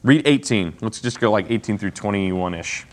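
A man leads a laid-back Bible lesson for a class. He talks in a lively, joking way and keeps asking his listeners questions. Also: fairly low pitch, moderate pace, slight background noise.

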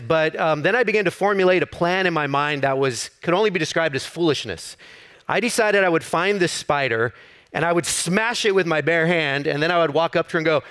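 A man's voice: a little high, a little fast, fairly bright tone, smooth. A middle-aged man, a campus pastor, preaching a sermon in an easy storytelling way with self-deprecating humor.

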